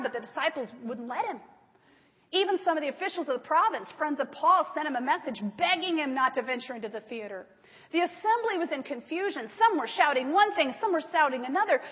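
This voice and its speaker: A woman preaches to a congregation, reading scripture and retelling it with lively emphasis. Her voice sits high. The sound is dull and lo-fi, ringing in a large hall. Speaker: Bible teacher. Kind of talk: sermon with slides.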